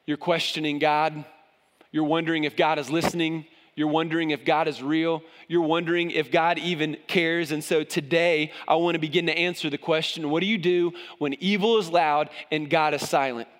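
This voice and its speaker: A man's voice: a little high, steady tone, normal speed, a bit bright, big-room sound. A man preaching a sermon as pastor, impassioned, his voice climbing when he voices cries to God.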